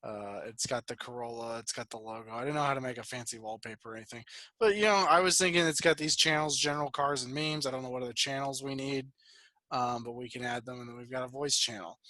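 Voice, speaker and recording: A man's voice: medium pitch, fast, pushed and bright, no echo. Twenties guy cohosting a podcast over a call, rambly and cussing, pretty dry sound. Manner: loose, profane, rambling storytelling. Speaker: podcast co-host. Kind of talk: casual chat. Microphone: video call.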